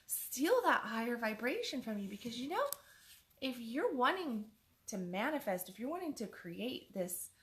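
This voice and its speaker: A woman's voice: on the high side, big pitch swings, normal speed, slight background noise. A woman life coach giving a chatty motivational talk, repeating her points for emphasis. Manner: chatty, acts out other people's words.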